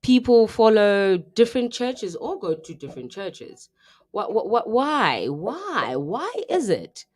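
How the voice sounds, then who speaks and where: Animated South African woman co-host. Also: medium pitch, slow pace. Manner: chatty, animated storytelling, mixing in local phrases. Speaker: radio co-host. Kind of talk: casual live radio chat.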